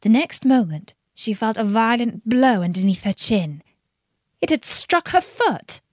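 A woman reading a children's storybook aloud in an expressive way. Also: on the high side, no echo, studio quality. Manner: slow, expressive, lilting reading.

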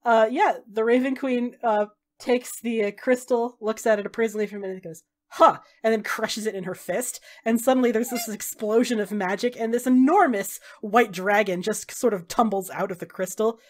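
A woman's voice: on the high side, brisk, few pauses. A woman narrating a tabletop game as game master, casual with many fillers.

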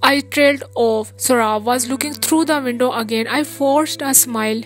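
A woman reading a novel aloud as audiobook narration, in a measured, steady manner. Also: on the high side, soft background music. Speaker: audiobook reader.

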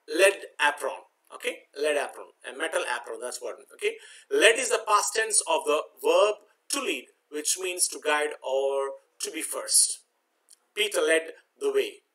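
Man teaching vocabulary, bright voice. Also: fairly high pitch, animated, rough recording. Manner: explains slowly, spells words letter by letter, repeats with "okay". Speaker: English teacher. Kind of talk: exam-prep vocabulary lesson.

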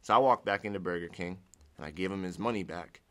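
Low-voiced young man telling his story. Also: fast talker, pushed and bright. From Ohio, United States. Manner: rambling, restarts sentences, acts out his own past words. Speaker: guest sharing his testimony. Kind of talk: casual personal storytelling.

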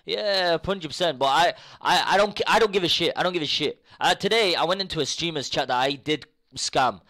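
Young male streamer, bright forceful voice sitting a little high, casual swearing rant, flips from mumbling to shouting. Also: fairly quick. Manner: swears freely, swings between mutter and outbursts; repeats himself insistently. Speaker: live streamer.

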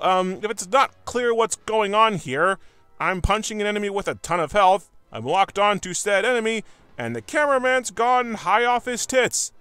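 A man's voice: high-pitched, fairly bright tone. A man narrating a video game review, sarcastic and profane, breaking into exasperated outbursts.

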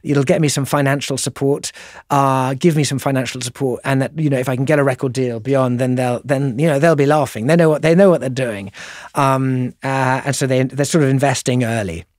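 A man's voice: mid-range voice, fairly even intonation, fairly quick, darkish tone, no echo. Posh English man, dry close sound. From England. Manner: rambling, self-deprecating, many restarts. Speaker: guest musician. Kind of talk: casual interview conversation.

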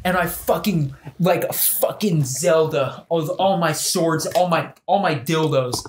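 A man's voice: on the high side, a little slow. A man hosting a casual podcast, telling a crude, rambling story through laughter. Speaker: podcast host. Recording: echoey room with background noise.

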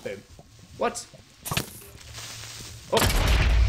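A young man commentating his gameplay live. He is excitable, talks to the creatures in the game, and breaks into sudden loud outbursts. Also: mid-range voice, normal speed, long pauses, slight background noise. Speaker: gaming video host.

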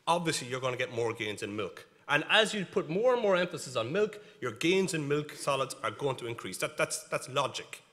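A man's voice: fairly high pitch, fairly bright tone. A man with an Irish accent giving a conference talk on cattle breeding, emphatic and explaining step by step. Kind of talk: conference presentation with slides. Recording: reverberant hall.

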